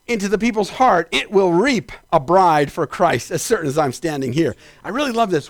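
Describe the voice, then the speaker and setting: A man preaching a sermon as pastor, climbing into shouted peaks and then dropping into quick asides. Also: high-pitched, expressive, no echo, studio quality.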